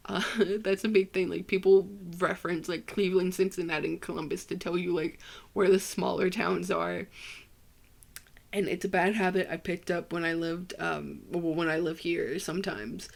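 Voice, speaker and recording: A woman's voice: lowish voice, steady tone, moderate pace, vocal fry. A young woman from Ohio hosting a casual solo podcast, sleepy and tired, rambling in a self-deprecating way with many fillers. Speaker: podcast host.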